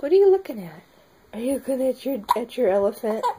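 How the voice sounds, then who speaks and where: A woman filming her baby at home, talking to him in sing-song baby talk with soft laughs. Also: fairly high pitch, very animated, fast, background noise.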